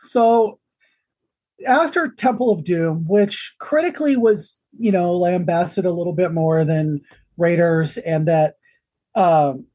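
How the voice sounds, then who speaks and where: A man's voice: sits high, slow, dark tone. A man co-hosting a movie podcast over a call, rambling with many fillers and dry sarcasm. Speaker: podcast co-host. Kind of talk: casual podcast chat. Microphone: video call.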